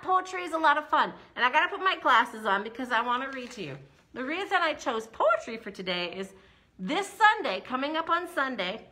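A woman's bright, high voice swoops up and down as she leads a preschool story time. She talks slowly and with exaggerated sing-song cheer for little children, the way a middle-aged librarian reads rhymes aloud.

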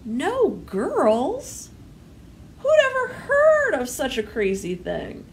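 An indignant little schoolgirl from a storybook, read aloud by a woman. She sounds high and slightly raised, and talks slowly and earnestly. Under her voice there is a faint hiss. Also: huge pitch swings, full character voice. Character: young schoolgirl, indignant and determined.

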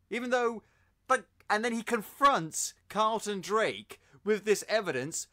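Podcast host, male, high bright voice, exasperated ranting reviewer. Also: animated. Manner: exasperated, ranting, quick asides. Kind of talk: casual film review chat.

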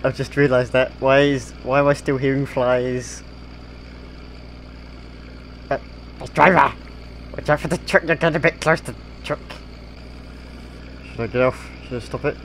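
A man's voice: mid-range voice, steady tone, normal speed, pauses often, slight background noise. A man giving casual, playful gameplay commentary, giggling often and putting on a silly voice to tease a game character. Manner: puts on a silly voice. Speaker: gaming video creator.

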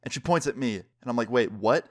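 A man YouTuber telling a storytime vlog with lively, acted-out dialogue. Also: mid-range voice, fast talker.

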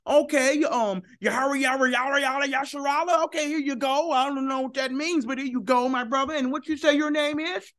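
A man doing a cheery old scholar, high and eager. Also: fairly even intonation, fast, few pauses, fairly bright tone. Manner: eager, chatty, fumbling with names. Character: cheery older male scholar handing out books.

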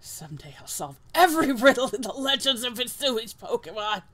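A woman reading game dialogue aloud, voicing a scheming young male villain who speaks low and hushed, then rises to a fanatical shout. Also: very animated, fairly quick.

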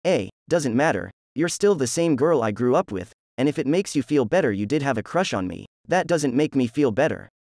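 A man's voice: medium pitch, lively intonation, fairly quick, few pauses, a little mellow, no room sound, clean studio sound, natural voice. A man voicing a rude, lazy young male ninja anti-hero, reading him in a brash, mocking way from a fan story.

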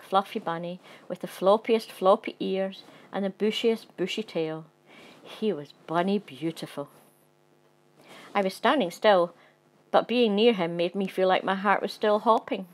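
Woman, storybook reading, gentle, playful, soft, medium pitch. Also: measured pace. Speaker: narrator.

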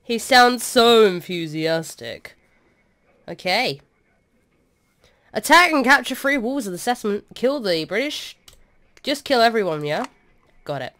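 Young woman doing game commentary, bit slow, excitable, yells at her units. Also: fairly high pitch. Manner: excitable, swearing, shouts orders at troops. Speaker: gaming streamer. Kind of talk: let's play commentary.

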